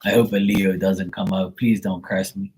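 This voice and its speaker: A man's voice: deep voice, level tone, a little slow, darkish tone, a little hiss or hum, low-quality recording. A man hosting a casual livestream tarot reading, joking and swearing as he reads the chat aloud. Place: Bermuda.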